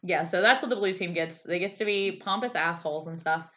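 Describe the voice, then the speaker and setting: A woman with a lowish voice chats casually as a podcast co-host, slipping into goofy voices for quotes. The audio is dull and lo-fi, like a home recording. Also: brisk, pushed and bright. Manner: chatty, acts out quotes in silly voices. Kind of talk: casual recap chat.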